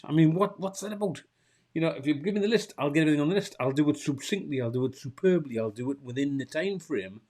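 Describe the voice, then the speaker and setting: A man's voice: fairly high pitch, lively intonation, quick pace, a little mellow. A man with a Geordie accent, co-hosting a podcast and grumbling in a casual chat, full of restarts and swearing. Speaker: podcast co-host.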